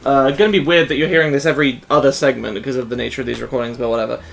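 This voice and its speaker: A man's voice: medium pitch, fairly even intonation, racing, creaky. A man hosting a game playthrough, chatting casually in a rambling, hesitant way. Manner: rambling, hesitant, with fillers and laughs. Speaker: let's play host. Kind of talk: casual chat.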